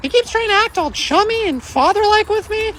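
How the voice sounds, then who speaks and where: A young woman voicing a nervous, sarcastic teenage son who talks fast and flustered. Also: very high-pitched, animated, fairly bright tone, slight background noise, voice pushed up. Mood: exasperated.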